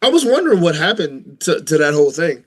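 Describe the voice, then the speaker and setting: A man's voice: on the high side, very animated, brisk, husky. A man co-hosting a casual wrestling podcast, chatty and rambling, laughing easily. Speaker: podcast co-host.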